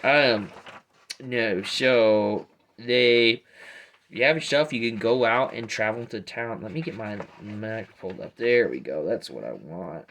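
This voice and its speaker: A man narrating a tabletop role-playing game as game master, relaxed and rambling with many fillers. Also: on the low side, a little slow, slight background noise.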